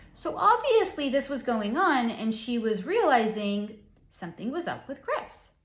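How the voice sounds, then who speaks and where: Animated woman in a roomy echo. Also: a little high. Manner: candid storytelling with frequent swearing. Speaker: psychic reader. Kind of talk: solo spoken energy reading.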